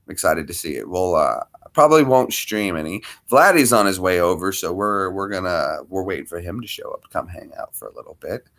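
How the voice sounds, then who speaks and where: A man's voice: sits low, expressive, brisk, few pauses, fairly bright tone. A man hosting a casual livestream, greeting viewers by name and talking to his dog between topics. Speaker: livestream host.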